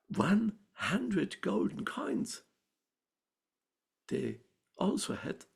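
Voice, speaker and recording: An Austrian man telling a folk tale live at a festival, animated and full of dramatic pauses. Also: sits high, gravelly, slightly rough. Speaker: storyteller. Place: festival stage.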